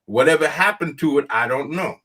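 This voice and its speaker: A man's voice: fairly high pitch, lively intonation, brisk, a bit bright. A man hosting a casual talk show who speaks in a plain, folksy way, repeats his points for emphasis, and often laughs while he rants.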